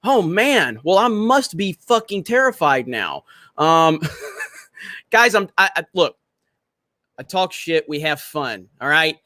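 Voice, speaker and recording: A man's voice: fairly high pitch, sing-song, takes it slowly, bright, forceful tone, no echo, clean studio sound. A man hosting a live stream, chatting casually and bantering with viewers in a brash, profane way.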